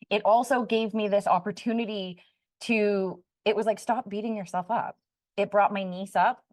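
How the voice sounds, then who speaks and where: A woman's voice: medium pitch, dry recording, clean studio sound. A woman co-hosting a podcast, earnestly telling a personal story and acting out the remembered dialogue in casual chat. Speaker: podcast co-host.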